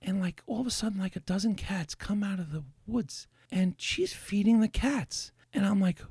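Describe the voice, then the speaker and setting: A man's voice: high voice, normal speed, few pauses, darkish tone, husky, no echo, clean studio sound. A man hosting a podcast, telling rambling stories in a casual chat with lots of restarts. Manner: rambling storyteller with many restarts. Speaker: podcast host.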